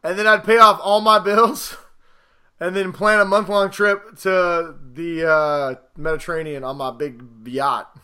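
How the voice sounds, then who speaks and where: Man, 30s, podcast co-host, high voice, playful casual chat. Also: steady tone, unhurried, bright, forceful tone, clean tone. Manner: playful, acts out quoted lines in goofy voices.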